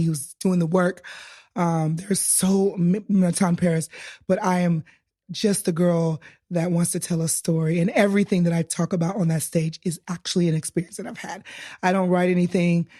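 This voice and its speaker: A woman in her fifties, a guest comedian, telling comic stories in a brassy, playful way with frequent laughter. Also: a little mellow. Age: 50s. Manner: brassy, playful, laughs often, high swoops for emphasis. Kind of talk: animated comic storytelling.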